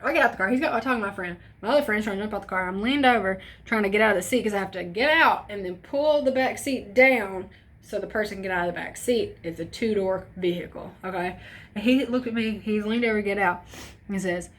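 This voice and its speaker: A young woman tells a wild personal story straight to camera, casual and animated. She swears freely and acts out what everyone said, jumping between voices. Her pitch sits in a middle range for a woman. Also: fast. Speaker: storytime vlogger.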